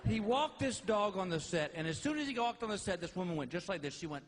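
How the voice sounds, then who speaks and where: A man doing stand-up comedy, telling animated stories with exasperated outbursts. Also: sits high, quick pace, hardly any pauses, slight background noise.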